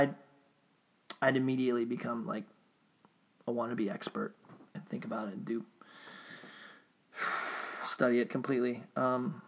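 A man with a medium-pitched voice and some vocal fry rambles through a casual monologue, swearing freely and often restarting his sentences.

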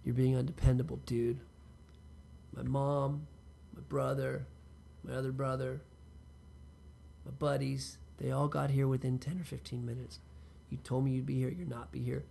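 A man's voice: medium pitch, flat delivery, normal speed, gravelly, pauses often, warm tone, slightly rough. A man telling a rambling personal story in casual monologue, swearing freely and talking straight to the listener. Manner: profane, talks straight to the listener, loose rambling asides.

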